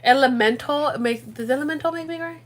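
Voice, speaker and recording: A chatty young woman on a late-night home livestream, with a voice pitched a little high. She talks in an animated, slangy way and speaks to her viewers as friends. The sound comes through a phone mic. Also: a little fast. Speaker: livestream host. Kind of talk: casual livestream chat.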